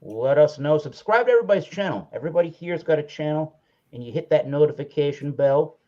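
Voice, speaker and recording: Over slightly dull lo-fi audio, a livestream host chats casually in a dark-toned voice that sits on the high side. He talks fast with lively intonation, rambling and frequently correcting himself.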